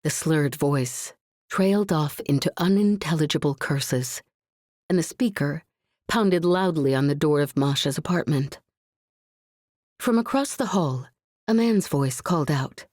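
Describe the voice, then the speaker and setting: Low husky woman reading an audiobook. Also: unhurried, a little mellow, no echo, studio quality. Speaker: audiobook narrator. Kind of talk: scripted audiobook narration.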